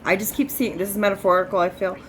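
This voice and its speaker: A woman's voice: mid-range voice, steady tone, fast talker, a little hiss or hum, poor audio. A woman doing a spirit reading as a psychic medium, chatty, full of filler words and swearing freely.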